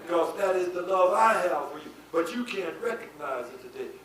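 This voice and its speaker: A man preaching a sermon, dropping to low asides and rising to shouted, sing-song peaks. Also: animated, brisk, crowd noise. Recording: echoey hall from far off with faint noise.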